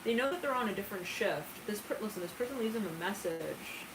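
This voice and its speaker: Woman tarot reader, chatty and giggly, channeling; mid-pitched, heard from off-mic in a noisy, echoey room. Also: expressive, quick pace. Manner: chatty and giggly, with frequent asides. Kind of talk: casual channeled tarot reading. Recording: roomy, distant mic with background noise.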